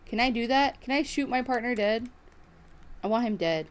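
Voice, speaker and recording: A woman's voice: a little high, lively intonation, normal speed. A woman streamer on a live stream, swearing constantly and breaking into angry outbursts as she plays. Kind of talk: live stream gaming and reacting.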